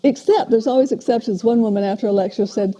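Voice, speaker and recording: An older woman, a parent educator, giving a steady, explanatory lecture on parenting in a recorded talk. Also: a little high, fast talker. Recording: dull lo-fi video playback.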